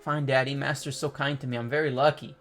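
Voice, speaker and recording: A man reading the quiet lines of a meek, resigned young boy from a comic. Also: mid-range voice, flat delivery, fast, faint music behind, natural voice.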